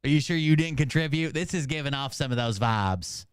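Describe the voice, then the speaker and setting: A man's voice: a little high, animated, brisk, smooth, no echo, clean studio sound. A man hosting a reaction channel, mocking a clip in profane, incredulous asides. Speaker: commentary channel host. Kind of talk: sarcastic reaction commentary.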